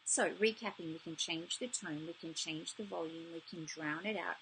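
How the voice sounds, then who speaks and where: A woman's voice: lowish voice, normal speed, pushed and bright, a little hiss or hum, poor audio. A middle-aged woman coaching viewers on self-esteem in a live video talk, earnest and encouraging, speaking straight to the viewer.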